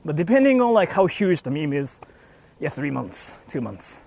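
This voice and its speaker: A man's voice: fairly high pitch, sing-song, normal speed, creaky, darkish tone. A young man walking around outdoors and chatting loosely with his live-stream viewers, filling his talk with "like" and restarts. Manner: loose, rambling, heavy on "like" fillers.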